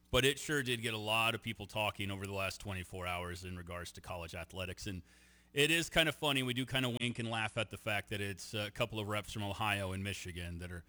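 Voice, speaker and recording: A man co-hosts a sports talk radio show, trading quick jokes with his partners. His voice is very bright and forward. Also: fairly low pitch. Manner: joking, quick banter.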